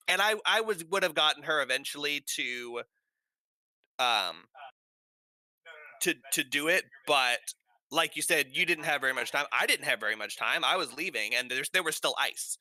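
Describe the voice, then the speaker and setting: A man's voice: on the high side, moderate pace, bright, forceful tone. A man running a tabletop game, chatting casually before it starts, hesitant with many fillers. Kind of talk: casual pre-game chat.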